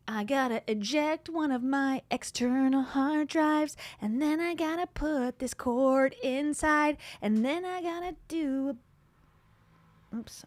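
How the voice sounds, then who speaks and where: A woman's voice: sits high, no echo. A woman livestreaming from home, reacting to videos with sarcastic, mocking commentary and chatty asides. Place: home room. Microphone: desktop streaming mic.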